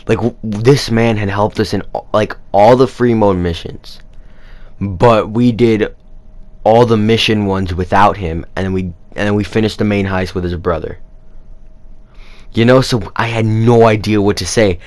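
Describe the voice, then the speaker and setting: A man's voice: on the low side, unhurried. A young man telling a personal story in a casual, rambling way, with lots of fillers. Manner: rambling, animated retelling with many fillers. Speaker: vlogger.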